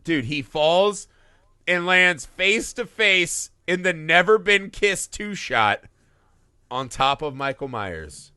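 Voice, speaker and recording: A man hosting a film podcast who swears freely and acts out scenes as he talks. His voice is bright and edgy, sits a little high and swings widely in pitch, with a dry, close sound. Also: takes it slowly, clean tone, no room sound. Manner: animated, profane, acts out movie scenes. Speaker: podcast host. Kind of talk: casual film podcast chat.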